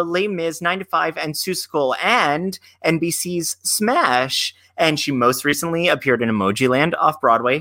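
A man's voice: fairly high pitch, bright, forceful tone. A man co-hosting a show, chatting casually and gushing over his guests. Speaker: co-host. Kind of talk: casual chat.

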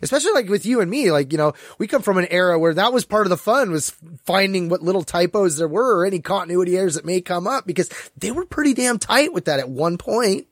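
A man's voice: sits high, animated, quick pace, few pauses, dry recording, clean studio sound. A man chatting casually on a podcast, rambling with many fillers and restarts. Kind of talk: casual chat.

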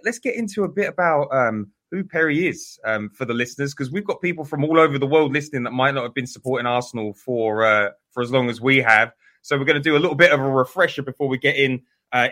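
A man hosting a football podcast, introducing his guest in a casual, halting way with frequent filler sounds. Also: medium pitch, pushed and bright. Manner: reads guest's career summary with frequent "uh"s. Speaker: podcast host.

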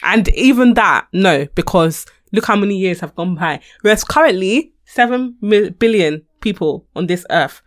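A woman co-hosting a casual faith talk, reading Bible verses aloud with animated emphasis. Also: medium pitch, moderate pace, hardly any pauses. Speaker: podcast co-host.

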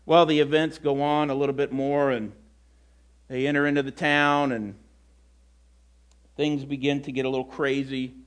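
A man preaching a sermon, retelling scripture in a conversational, animated way. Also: mid-range voice, moderate pace, pauses often. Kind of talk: sermon, storytelling.

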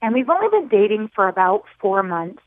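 A woman's voice: medium pitch, very animated, fairly quick, no room sound. A woman around forty calling a radio show, earnest and hesitant, heard over a phone line. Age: late 30s to early 40s. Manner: earnest, hesitant, full of "you know". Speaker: caller. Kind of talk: phone-in question.

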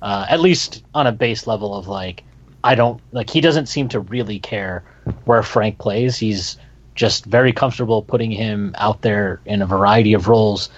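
A man's voice: on the low side, normal speed. Blunt, fired-up man on a podcast. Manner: blunt, emphatic, gets fired up. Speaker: podcast co-host. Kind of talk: casual sports talk. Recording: dull lo-fi sound.

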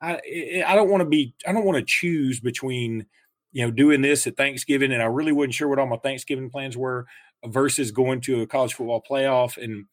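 A man's voice: medium pitch, moderate pace, dry recording. A man hosting a podcast, rambling in a wry, casual way about betting, travel and holidays. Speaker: podcast host. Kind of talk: casual chat.

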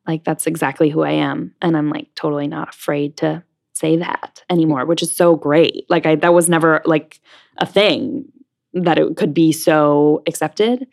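A woman's voice: sits low, darkish tone. A young woman being interviewed, chatting casually with lots of fillers. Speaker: interview guest, stage actress.

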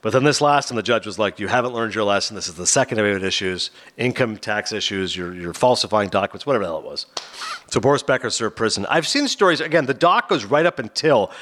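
A man hosting a talk show, retelling a documentary in a casual, animated way and slipping into quoted voices. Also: fairly low pitch, fast. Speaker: host.

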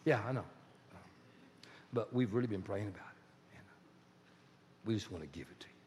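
An earnest, soft-spoken man from the congregation, as acted by the preacher, keeping his voice low and sincere. The words ring out in a long hall reverb. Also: animated, normal speed, a little hiss or hum, natural voice. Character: earnest churchgoer offering his pastor a car.

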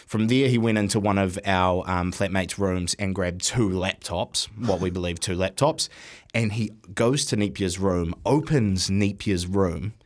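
A man with a New Zealand accent, from Wellington, telling a lively story on a radio show with frequent laughs. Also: sits low, unhurried. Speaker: radio station guest. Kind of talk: casual chat, storytelling.

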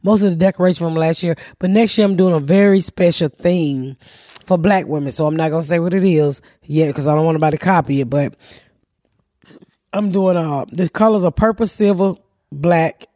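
A woman's voice: lowish voice, brisk, dark tone, no room sound, clean studio sound. A middle-aged woman from the American South with a Southern accent, a brash, profane comedic podcast host who sounds congested. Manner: brash, profane, laughing storyteller. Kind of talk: casual comedic chat.

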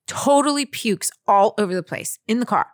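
A young woman co-hosts a casual podcast chat, telling a story in an animated way and acting out her own reactions. Her voice is dry and close, with no room sound around it. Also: mid-range voice, moderate pace, dry recording. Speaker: podcast co-host.

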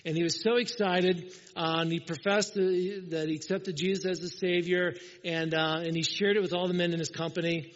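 A male pastor delivers a sermon in a conversational, storytelling way, voicing the people he quotes. His voice sits fairly high. The sound is muffled and rings out with long church reverb. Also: level tone, normal speed, hardly any pauses.

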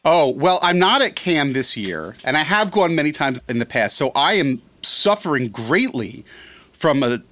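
A man talking as a guest in a casual podcast chat, animated and rambling, often correcting himself mid-sentence. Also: on the high side, normal speed. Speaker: film critic guest.

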